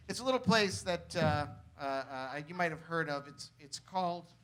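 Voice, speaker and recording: A man performing an improvised comic song on a cabaret stage, playful and belting. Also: sits high. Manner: playful, belting sung lines. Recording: loud live band behind. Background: live band.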